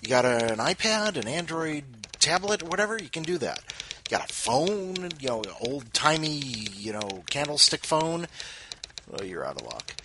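A man hosts a podcast in loose, rambling chat full of jokes and fillers. His pitch is mid-range but moves around a lot, lively and animated. Clear background noise and keyboard typing sit behind him. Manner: rambling, joking, lots of fillers and asides. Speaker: podcast host. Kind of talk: casual chat.

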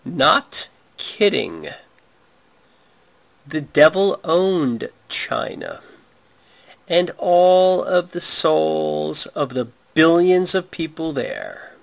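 A man reading a comic story aloud in a slow, drawn-out way. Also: big pitch swings, vocal fry. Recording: dull low-fi recording.

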